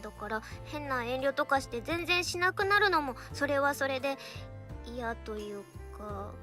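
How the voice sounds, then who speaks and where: A woman's voice: high-pitched, lively intonation, fast talker, sharp tone, soft background music. A woman voicing a flustered, scolding young girlfriend in a visual novel game, with a girlish anime delivery. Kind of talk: Japanese visual novel voice acting.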